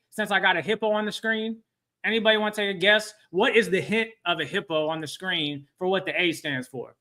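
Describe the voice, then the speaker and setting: A man's voice: high-pitched, pushed and bright. A man presenting a live training webinar, telling a story and often quizzing his audience.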